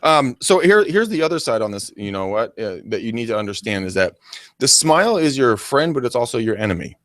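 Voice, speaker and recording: A man co-hosting a casual coaching chat, animated and acting out silly greetings as he talks. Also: medium pitch, fairly quick, no room sound, clean studio sound. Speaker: podcast co-host.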